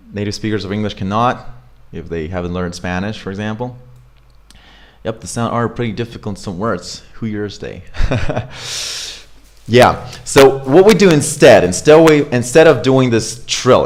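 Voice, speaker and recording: A man coaching English pronunciation in a casual, chatty way, full of fillers and check-ins, filmed on camera. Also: lowish voice. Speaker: accent coach. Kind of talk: pronunciation lesson. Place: home studio with camera.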